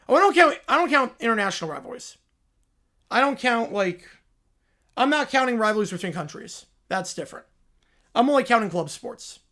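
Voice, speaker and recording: A man hosting a casual live Q&A stream, answering chat questions with relaxed asides. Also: extremely high pitch, fairly quick.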